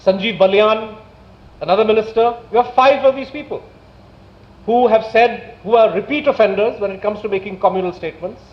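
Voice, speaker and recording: Man, Indian English accent, lecture, indignant, rhetorical, high-pitched, roomy echo. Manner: indignant, rhetorical questions, measured emphasis. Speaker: speaker at a public talk. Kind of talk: public lecture. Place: lecture hall. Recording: echoey hall, dull lo-fi sound.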